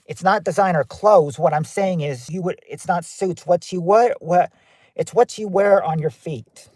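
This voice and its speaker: A man's voice: high-pitched, unhurried, darkish tone, no room sound. A man hosting a livestream game show, reading out viewers' guesses and greeting them by name in an offhand, chatty way. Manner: offhand, with frequent fillers and restarts.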